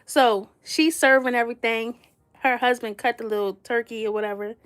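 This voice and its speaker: A woman with a high voice tells a comic story from her own life. She talks in a chatty, slangy way, speaks straight to her listeners and breaks into laughter often as she teases. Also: moderate pace. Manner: animated, laughs often, playful roasting. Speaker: vlogger telling a story.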